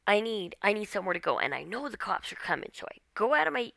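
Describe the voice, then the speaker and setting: A woman with a bright, gravelly voice tells her own story straight to camera, tense and full of "like" and "okay?" fillers. Her voice sits dry and close on the mic. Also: mid-range voice, very animated, fast talker, no room sound. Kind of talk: personal storytelling monologue.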